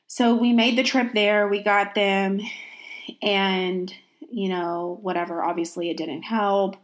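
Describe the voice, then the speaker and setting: A woman's voice: mid-range voice, moderate pace. A young adult woman telling a personal story in a casual, reflective way, often restarting and adding "you know" as she thinks aloud. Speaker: vlogger sharing a personal story.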